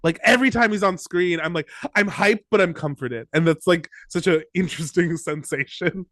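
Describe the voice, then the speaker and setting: A man co-hosting a podcast in casual chat, rambling and excitable, with many restarts. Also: high-pitched, moderate pace, no room sound, clean studio sound. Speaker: podcast co-host.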